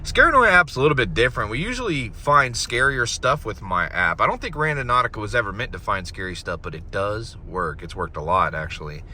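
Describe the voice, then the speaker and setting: A Florida man with a Southern country accent rambles, jokes and swears constantly on a paranormal vlog, filmed on a phone a companion is holding. His voice sits lowish, expressive and sharp, moving briskly with barely a pause. There's slight background noise.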